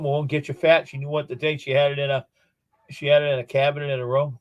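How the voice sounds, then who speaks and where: A man's voice: a little high, level tone, quick pace, dry recording. A man chatting casually, telling rambling everyday anecdotes as a guest on a live stream. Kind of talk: casual chat.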